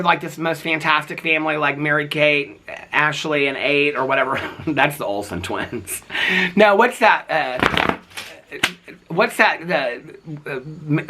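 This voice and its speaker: A man's voice: a little high, bright, forceful tone. A man giving casual, gossipy commentary on reality TV, chatty and sassy, who keeps checking in with "okay?".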